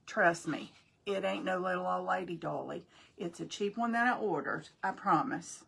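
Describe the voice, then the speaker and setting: A woman's voice: on the low side, moderate pace, vocal fry, fairly bright tone, slight background noise. An older woman, chatting folksily with viewers on a crafting live stream as host. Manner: chatty, folksy, talks to viewers while working.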